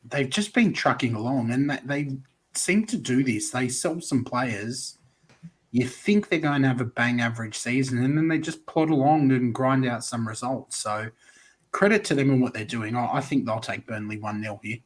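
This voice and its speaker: An Australian man hosting a casual football podcast, chatty and relaxed, calling on guests and reading out viewer comments. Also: mid-range voice, moderate pace. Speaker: podcast host.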